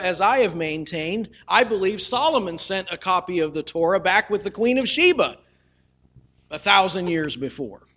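A man's voice: sits high, fairly bright tone. A male preacher telling a scripture story in a folksy, humorous way, with casual asides to the listeners. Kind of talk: storytelling sermon.

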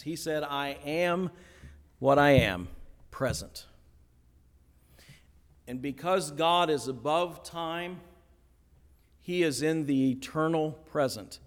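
A man delivers a sermon with lively energy and acts out the voices of the people he quotes. His voice sits a little high. The sound rings with the long reverb of a large hall. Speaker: pastor.

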